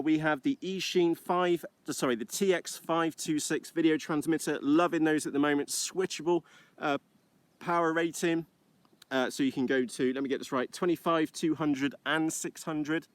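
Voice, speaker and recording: A man's voice: medium pitch, smooth, no echo. A British man hosting a live stream from a field, chatting casually and rambling cheekily with many uhs, recorded on an iPad. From United Kingdom. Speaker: livestream host flying model aircraft. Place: outdoors in a field.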